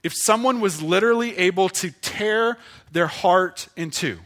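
A man preaching a sermon as pastor, earnest and pleading, slowing for emphasis and dropping to a hush. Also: high voice.

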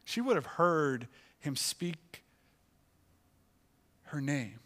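Slow, hushed dramatic male pastor. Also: fairly high pitch, sing-song. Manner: slow, dramatic delivery that drops to a near hush on key words. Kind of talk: sermon. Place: church.

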